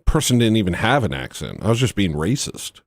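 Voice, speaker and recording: A man's voice: on the low side, big pitch swings, fairly quick, dry recording, studio quality. A man hosting a livestream, rambling and joking in a self-mocking, comedic rant. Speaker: livestream host.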